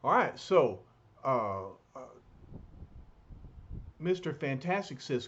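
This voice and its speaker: A man reads a comic aloud to a child, stopping to explain things. His voice sits fairly high and moves a lot. The recording is muffled with a faint hiss. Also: slow pace, pauses often. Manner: animated, explaining asides. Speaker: reader.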